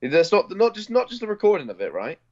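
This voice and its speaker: A man's voice: sits high, wildly swooping pitch, fast talker, a little mellow, highs cut off. A man with a Bristol accent co-hosting a podcast, rambling and teasing in casual chat. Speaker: podcast co-host.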